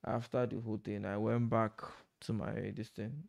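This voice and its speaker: A man's voice: lowish voice, little pitch movement, normal speed, creaky, a little mellow. A man chatting casually to camera from home at night, rambling and breaking off to laugh at himself. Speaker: vlogger. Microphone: desk microphone.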